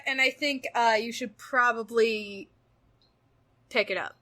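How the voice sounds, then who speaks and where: A young woman co-hosting a casual podcast chat, gushing and squealing with excitement, swearing freely. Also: fairly high pitch, measured pace. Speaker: podcast co-host.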